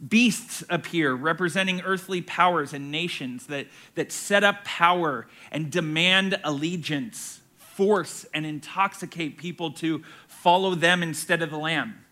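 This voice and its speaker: A man's voice: fairly high pitch, bright, forceful tone. A man teaching a church Bible study as a pastor, emphatic, with rhetorical questions and a shifting pace. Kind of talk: sermon-style Bible teaching.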